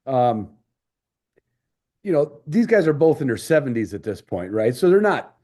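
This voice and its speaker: A man's voice: mid-range voice, very animated, moderate pace, mellow. Man spinning a rambling anecdote. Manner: rambling anecdotal, with many restarts. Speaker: podcast host. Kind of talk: casual storytelling chat.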